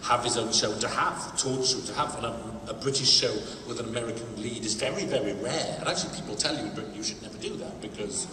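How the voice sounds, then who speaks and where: An animated man answers fan questions from a panel and laughs often, rising into loud bursts. He is picked up from a distance in a big reverberant hall. Steady background noise sits under his voice. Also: mid-range voice, quick pace, few pauses. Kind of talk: casual convention panel answers. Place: large convention hall with an audience. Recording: echoey hall, distant mic, crowd noise.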